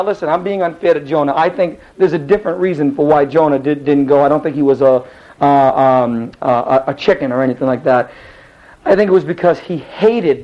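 A man teaching a Bible story in a lively, rambling way, often restarting his sentences. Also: on the high side, lo-fi sound. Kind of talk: animated Bible storytelling lesson.

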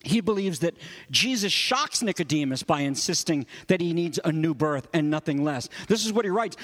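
A man's voice: a little high, lively intonation, normal speed, a bit bright. A man preaching a sermon as pastor, earnest and emphatic, explaining a passage with repeated stress. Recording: long hall reverb.

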